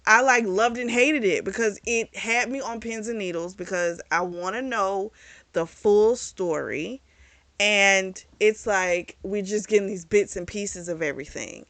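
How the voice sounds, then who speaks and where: A woman's voice: medium pitch, measured pace, fairly bright tone, dry recording. A woman hosting a book review, casually retelling the plot with lots of "like" and "um". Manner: chatty retelling full of "like" and "um".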